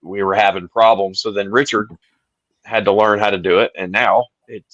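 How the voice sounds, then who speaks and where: A host with a fairly low voice chats loosely and tells stories with plenty of "you know"s. The stream audio is dull and lo-fi, and the sound is dry and close. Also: male voice, moderate pace, no room sound. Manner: relaxed, chatty storyteller, says "dude" and "you know". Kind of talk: casual live-stream chat.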